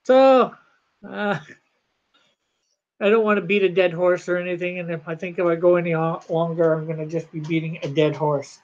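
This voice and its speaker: A comic artist chatting casually on a livestream from home, rambling and halting while reading the chat. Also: medium pitch, fairly even intonation, darkish tone, highs cut off.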